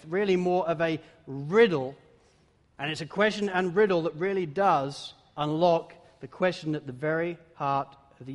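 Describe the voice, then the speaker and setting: A man preaching a sermon, with dramatic swings between loud exclamations and hushed emphasis. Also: high voice. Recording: long hall reverb.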